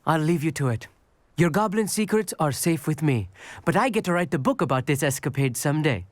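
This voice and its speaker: A woman's voice: low-pitched, lively intonation, fairly quick, no room sound. A woman voicing a nervous, bookish young student sidekick in a video game, speaking in a fretful, wordy, formal way.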